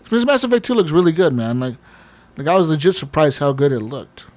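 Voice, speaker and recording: A man's voice: fairly high pitch, sing-song, fast talker, darkish tone. Profane rambling man recapping a game. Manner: rambling, profane, laughs often. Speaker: podcast co-host. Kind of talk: casual chat.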